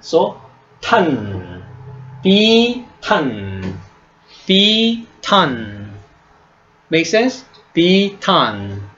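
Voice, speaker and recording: A man teaching a class, speaking slowly, repeating each word and checking "right?" with his students. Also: on the high side, big pitch swings, a bit bright, lo-fi sound, a little hiss or hum. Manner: slow, repeats words and asks "right?" often. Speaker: Hebrew teacher. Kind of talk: classroom lesson.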